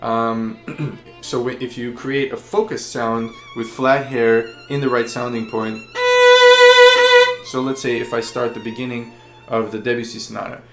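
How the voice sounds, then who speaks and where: A man's voice: medium pitch, little pitch movement, unhurried, loud music behind the voice. A man teaching violin technique, explaining patiently with frequent fillers. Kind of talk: instructional explanation. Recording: roomy echo.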